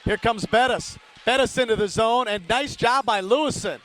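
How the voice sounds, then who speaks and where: A man calling a youth hockey game live, rattling off player names, shouting on big plays and chatting to listeners between whistles. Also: very high-pitched, moderate pace, a little hiss or hum. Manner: chatty asides, greeting listeners by name. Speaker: hockey play-by-play announcer. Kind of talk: live play-by-play commentary.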